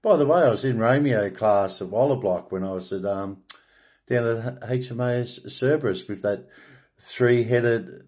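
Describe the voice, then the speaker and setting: An Australian man delivering a rambling solo monologue, halting and restarting words, then declaring his points in grand, proclaiming tones. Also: mid-range voice, a little mellow. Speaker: online spiritual speaker.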